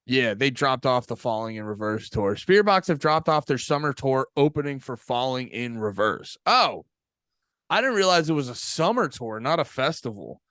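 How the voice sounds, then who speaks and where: A man's voice: mid-range voice, animated, normal speed, fairly bright tone, no room sound, clean studio sound. A man co-hosting a podcast in a profane, rambling, sarcastic casual chat. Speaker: podcast co-host.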